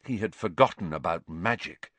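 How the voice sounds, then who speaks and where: A man reading a story aloud with dramatic, expressive narration. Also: deep voice, moderate pace, dry recording. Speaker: audiobook narrator. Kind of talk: scripted narration.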